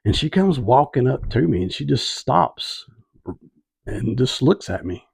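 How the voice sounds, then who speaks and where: Gravelly man telling a testimony. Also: mid-range voice, very animated, measured pace, a little mellow, no room sound. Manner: conversational, asks listeners "right?". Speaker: street evangelist. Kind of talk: personal testimony storytelling.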